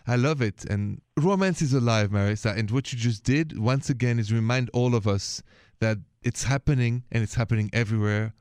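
A man's voice: mid-range voice, brisk, clean tone, no echo. Middle-aged French-accented man, radio host, dry studio voice. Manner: warm, sprinkles French greetings, emphatic. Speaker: radio talk show host. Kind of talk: late-night radio call-in chat.

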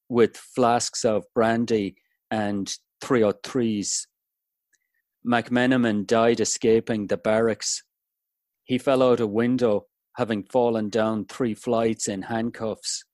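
A man with an Irish accent reads a poem aloud in a measured way. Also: medium pitch, darkish tone, no room sound.

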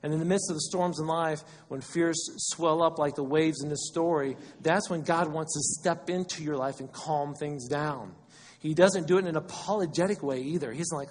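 A man preaching a sermon as pastor, animated and conversational, acting out quotes as he goes. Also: a little high, normal speed, in a large hall.

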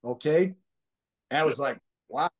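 Man, podcast guest, rambling, animated, casual storytelling, filler words, a bit high-pitched. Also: moderate pace.

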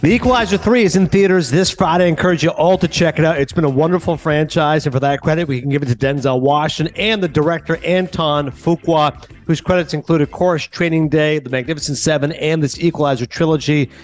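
A man who is a film critic and podcast host, telling a casual story and acting out the dialogue, then interviewing a guest. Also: a little high. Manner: animated, quick, acts out dialogue.

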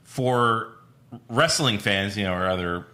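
A man's voice: on the low side, measured pace, sharp tone. A man co-hosting a podcast in casual, laid-back, agreeable chat. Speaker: podcast co-host.

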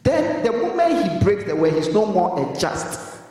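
A man preaching a sermon as pastor, pausing so the congregation can finish his sentences in call-and-response. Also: sits high, sing-song, dark tone. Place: church hall. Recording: echoey hall, voice from far off.

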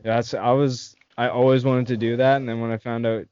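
A man's voice: medium pitch, little pitch movement, fairly quick, a little mellow, clear, resonant tone, no room sound. Young man, casual storyteller, laughs a lot, dull dry lo-fi recording. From Canada. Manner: laughing storyteller, lots of swearing. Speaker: host. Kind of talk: casual chat with friends.

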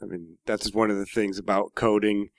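A man co-hosting a casual chat, relaxed and given to wry quips. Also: lowish voice, moderate pace, dry recording. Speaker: podcast co-host.

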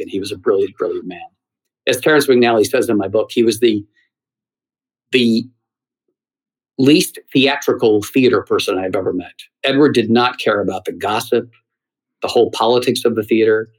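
A middle-aged man, a theater writer and former talk show host, telling a story in an interview, lively with halting restarts. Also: on the low side, slightly rough, poor audio. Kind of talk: anecdotal interview answer.

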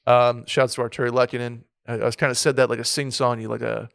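Rambling podcast co-host, dry sound. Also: male voice, medium pitch, flat delivery, fast, vocal fry, a bit bright, no room sound. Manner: rambling, many restarts and fillers. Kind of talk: casual sports podcast chat. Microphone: studio mic with a soundboard.

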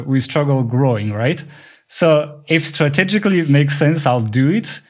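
A man's voice: mid-range voice, a little mellow. A man with a French accent, a non-native English speaker co-hosting a podcast, explaining at length in casual chat. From France. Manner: rapid talker who explains at length. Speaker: podcast co-host.

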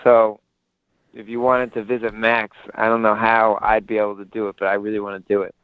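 A man's voice: fairly low pitch, flat delivery, brisk, smooth, no echo. A young man calling in to a show, telling a rambling story full of restarts and fillers, heard over a phone line. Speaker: caller. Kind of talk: casual phone chat.

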